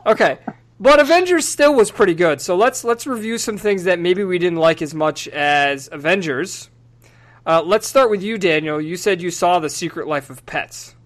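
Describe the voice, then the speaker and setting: A man's voice: high-pitched, lively intonation, normal speed, a bit bright. A man hosting a casual film podcast, talking through scenes analytically and acting out bits with energy. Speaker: podcast host.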